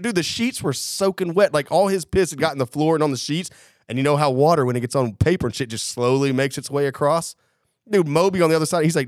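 A man's voice: fairly high pitch, quick pace, dry recording. Brief: man, casual profane storyteller, plays out quotes, dry close mic. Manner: animated, profane, acts out quotes. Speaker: podcast co-host.

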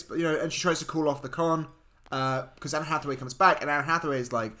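A man's voice: fairly high pitch, steady tone, quick pace, a bit bright. A man co-hosting a podcast, recapping a film in casual chat with wry, sarcastic asides and casual swearing. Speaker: podcast co-host.

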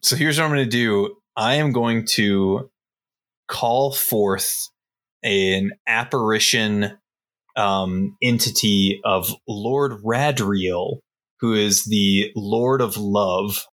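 A man's voice: lowish voice, slow pace, a bit bright. A man playing a tabletop game, eagerly explaining his spell and its rules at length. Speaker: player. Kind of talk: casual tabletop game play.

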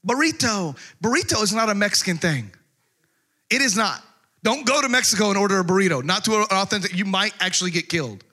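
A man delivers a sermon in a loose, joking style, teasing the room with rhetorical questions. His voice sits high and sounds bright and forward. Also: lively intonation, fast. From Texas. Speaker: pastor.

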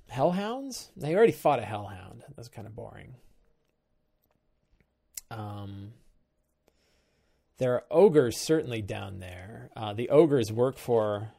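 A low-voiced man thinks aloud as he plans a tabletop game session. He talks slowly and haltingly, trailing off and picking his thoughts back up. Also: gravelly, mellow. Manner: musing, halting, trails off and restarts. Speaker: host of a game-prep show.

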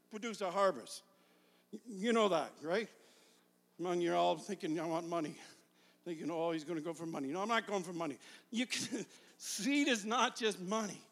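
High-voiced shouting evangelist in a hall. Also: male voice. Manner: swings between shouted fervor and quiet confiding. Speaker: evangelist preacher. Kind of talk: sermon. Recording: long hall reverb.

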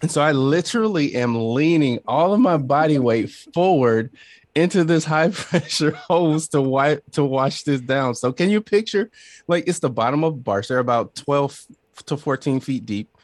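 A middle-aged man from Southern Illinois, a podcast guest telling lively stories and laughing often. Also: on the high side, moderate pace, dry recording. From Southern Illinois, USA. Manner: animated storyteller, laughs often, acts out quoted voices. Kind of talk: casual storytelling interview.

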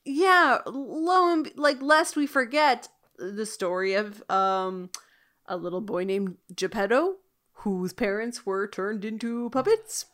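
A woman co-hosting a casual TV recap, lively and rambling. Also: on the high side, slow pace. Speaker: podcast co-host.

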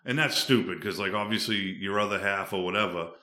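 Casual male podcast guest: low voice, rambling and relaxed, echoey room. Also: a little fast. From Boston suburbs, USA. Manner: rambling, laid-back, many fillers. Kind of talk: casual chat. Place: studio. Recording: roomy echo.

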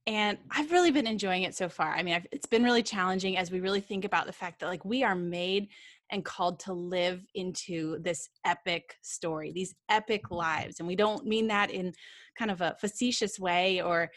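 A woman co-hosting a church podcast, speaking earnestly in quick bursts with "um" fillers. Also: on the low side, fairly bright tone, no room sound, clean studio sound. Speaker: podcast co-host. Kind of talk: casual podcast chat.

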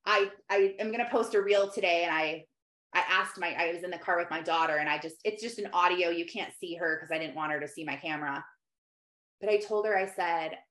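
A woman's voice: lowish voice, brisk, fairly bright tone. A woman, likely in her thirties, speaking earnestly and directly to mothers in a faith-based conversational talk. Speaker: host. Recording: echoey room.

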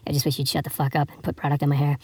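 A snappish, hot-tempered ancient king with a foul mouth, as a man puts him on in a comic podcast story. He talks quickly and the sound is dry and close. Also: fairly high pitch, monotone, a little mellow, husky, no room sound. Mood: irritated. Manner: profane, snappish.

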